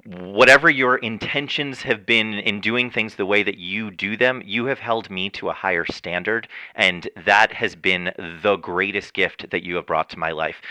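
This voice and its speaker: A man hosting a podcast, chatting earnestly and warmly with his guests and laughing often. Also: on the low side, dry recording. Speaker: podcast host. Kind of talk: casual interview chat.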